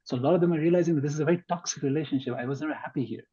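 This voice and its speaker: Man, podcast guest, mellow husky voice, emphatic debater, slightly muffled recording. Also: on the high side, rapid-fire. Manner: emphatic, argues point by point. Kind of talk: conversational podcast discussion.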